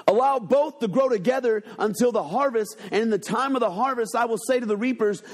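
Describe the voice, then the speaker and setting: A pastor's sermon fills the church sanctuary at a brisk pace with few pauses, alternating between urgent, loud passages and quiet, hushed moments. He draws his congregation in with call-and-response lines.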